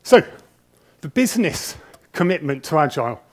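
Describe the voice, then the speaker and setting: A middle-aged man talks to a conference audience in a hall through a wireless presenter mic. His voice sits a little high for a man. He comes across as a slightly nervous, rambling storyteller who pokes fun at himself. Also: big pitch swings, normal speed. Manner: nervous, chatty storyteller with self-deprecating humour. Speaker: conference speaker. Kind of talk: conference talk. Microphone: wireless presenter mic with a body pack.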